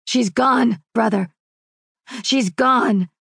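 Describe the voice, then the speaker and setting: A woman voicing a forceful eldest brother in an audiobook, stern and urgent. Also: a little high, slow, dry recording, clean studio sound, pitched above the performer's own voice. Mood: stern urgency.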